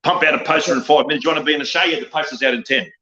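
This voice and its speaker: A man's voice: on the high side, racing, pushed and bright, muffled recording. An older Australian man, around seventy, rants bluntly and profanely as an interview guest, tagging "mate" onto nearly every line. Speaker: wrestling guest. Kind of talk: ranting interview talk.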